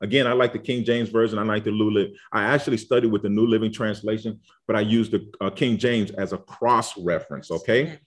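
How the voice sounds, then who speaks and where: A man's voice: fairly low pitch, steady tone, fairly quick. A man giving an informal Bible study lesson, talking conversationally and often checking in with "okay?" and "all right?". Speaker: Bible teacher. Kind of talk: casual teaching talk.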